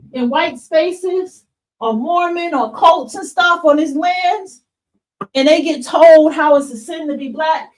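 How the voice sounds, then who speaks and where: A woman hosts a livestream monologue with a high voice, talking straight to her chat. She is blunt and fired up, swears freely and keeps calling her viewers y'all. Her voice sits well back from the microphone. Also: far from the mic, rough recording. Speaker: podcast host.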